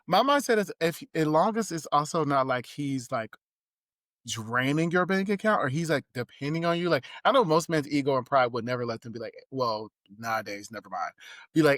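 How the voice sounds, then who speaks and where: A man co-hosting a podcast in casual chat, talking quickly, laughing easily and trailing off mid-thought. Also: mid-range voice, animated, a bit bright, dry recording, clean studio sound. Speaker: podcast co-host.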